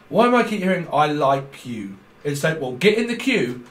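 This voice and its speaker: A man's voice: fairly high pitch, very animated, moderate pace, few pauses, echoey room. A man giving a casual tarot reading, playful and rambling, breaking into laughs often. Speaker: tarot reader.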